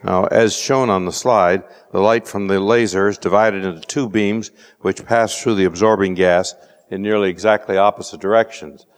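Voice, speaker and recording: A man giving a measured scientific lecture with dry wit, often pausing on "uh". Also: on the low side, fairly even intonation. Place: lecture hall. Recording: lecture hall reverb.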